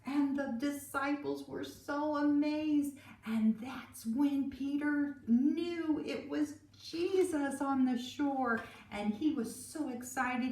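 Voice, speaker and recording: A teacher reads picture books aloud to young children, her voice lively and her pace slow and careful. She sits back from the mic in an echoey room, so the sound is roomy and distant. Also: high voice. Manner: animated, storytelling. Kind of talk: reading a picture book to children.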